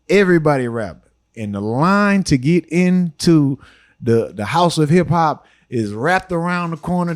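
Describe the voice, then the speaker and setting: A man, a podcast guest telling long, relaxed stories full of "you know" asides. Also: on the high side. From Houston, Texas. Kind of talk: storytelling interview talk.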